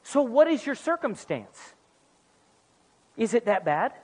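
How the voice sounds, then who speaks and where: A man preaching a sermon in a church, animated and acting out little comic dialogues. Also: extremely high pitch, slow, slightly rough. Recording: music under voice, long hall reverb.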